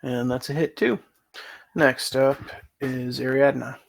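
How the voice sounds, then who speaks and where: Gravelly-voiced man running a tabletop game. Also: mid-range voice, fairly even intonation, slow pace. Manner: matter-of-fact, asks rules questions. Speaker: game master.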